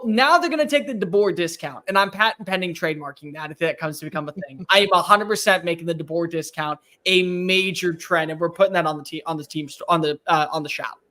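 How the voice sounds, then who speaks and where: A man co-hosting a sports talk show, giving emphatic, rapid-fire opinions in a casual chat. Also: high-pitched, a bit bright.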